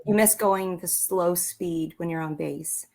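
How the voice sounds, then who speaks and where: A woman's voice: fairly low pitch, steady tone, a little slow, vocal fry, a little mellow. A woman military veteran and author telling her story in a casual interview, rambling with many fillers and restarts.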